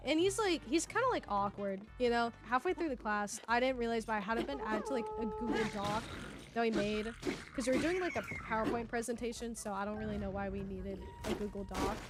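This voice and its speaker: A woman in her twenties telling a casual story on stream, animated and full of fillers. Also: a little high. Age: 20s. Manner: animated, filler-heavy, laughs often.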